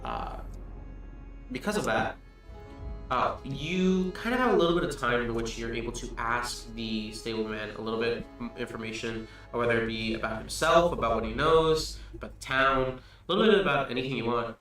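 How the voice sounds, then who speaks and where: A man running a tabletop game, narrating in a loose, relaxed way full of small pauses. He sounds set back from the mic in a strongly echoing room. Light music plays behind him. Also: mid-range voice. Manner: relaxed, filler-heavy narration. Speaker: game master. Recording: echoey room, distant mic, faint music.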